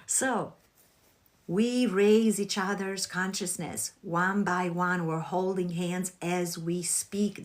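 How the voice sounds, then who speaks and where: A woman hosting a casual spiritual livestream, gushing and chatting warmly with her viewers. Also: fairly low pitch. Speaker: livestream host.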